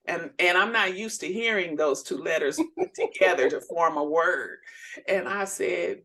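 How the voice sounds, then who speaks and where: A middle-aged woman co-hosting a casual faith chat, telling personal stories with laughs and animated quoted voices. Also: lowish voice, unhurried, creaky, long pauses. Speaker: podcast co-host.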